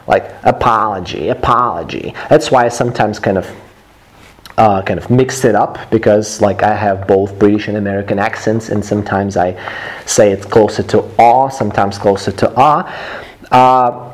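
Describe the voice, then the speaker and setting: A man teaching English pronunciation, repeating phrases slowly for students to copy. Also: lowish voice, a little mellow. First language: Russian. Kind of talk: slow drilling pronunciation lesson.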